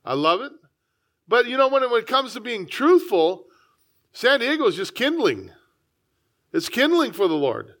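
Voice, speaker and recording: A man's voice: very high voice, big pitch swings, normal speed, long pauses, fairly bright tone. A man preaching a sermon as a pastor, reading scripture and talking in a conversational way with frequent asides. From United States.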